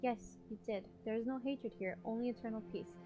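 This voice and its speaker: A calm, menacing game villain who lulls a foe into sleep, read aloud by a woman. The delivery is slow and coaxing, with game music clearly behind. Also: fairly high pitch, lightly acted. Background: game soundtrack music.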